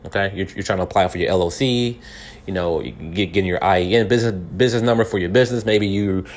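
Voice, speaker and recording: A man from California delivering casual spoken commentary in a somewhat low voice. He talks earnestly and directly to the listener, piling up rhetorical questions, restarting and repeating words as he works through his thoughts. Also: fast. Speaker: podcast commentator.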